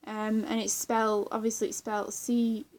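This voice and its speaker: A woman's voice: a little high, flat delivery, normal speed, a little mellow. A young woman chatting casually in a vlog, rambling with lots of fillers, restarts and giggles. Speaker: vlogger. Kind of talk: casual chat.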